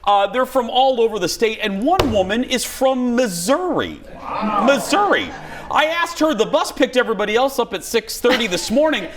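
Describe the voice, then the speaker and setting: A man hosting a talk show in a studio, chatting and joking in an animated way. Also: moderate pace. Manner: animated, joking, swoops between high and low. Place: TV studio with live audience. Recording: studio audience and room noise behind.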